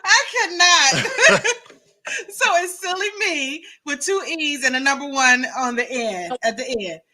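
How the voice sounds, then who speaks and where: A woman co-host chimes in agreeably during a casual interview, echoing and extending the guest's points. Her voice is high and bright. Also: a little slow. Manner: agreeable, chiming in. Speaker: talk show co-host.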